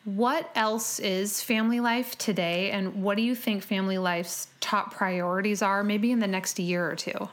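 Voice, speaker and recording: A woman's voice: mid-range voice, steady tone, normal speed, hardly any pauses. Woman host asking questions. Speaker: podcast host. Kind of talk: interview question.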